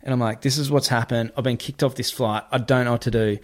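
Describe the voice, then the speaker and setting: A man telling a story in casual talk, animated and swearing, acting out what other people said. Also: medium pitch, fast.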